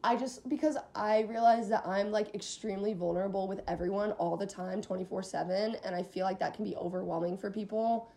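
Young woman, podcast host, mellow warm tone, lively storyteller, casual swearing. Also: medium pitch, fairly quick, few pauses. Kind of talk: casual chat.

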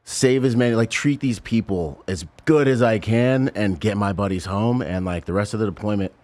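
A man's voice: on the low side, moderate pace, a little mellow. A man, a Marine veteran, telling stories in a casual conversation and acting out the voices of people he quotes. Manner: intense storytelling, acts out quoted voices.

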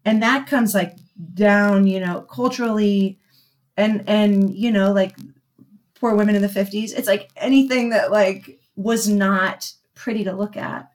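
A woman's voice: medium pitch, fairly even intonation, measured pace. Rambling, jokey woman in casual chat. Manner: rambling, jokey, many fillers.

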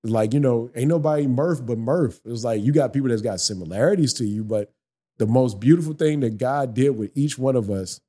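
Animated, swearing barber man. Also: mid-range voice, brisk, husky. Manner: animated, preachy storyteller who swears freely. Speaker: barber, podcast guest. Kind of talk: casual podcast conversation.

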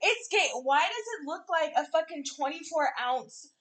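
A woman's voice: sits high, lively intonation, normal speed, fairly bright tone. A woman hosting a podcast, chatting in a crude, giggly, rambling way. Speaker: podcast host. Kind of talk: casual chat.

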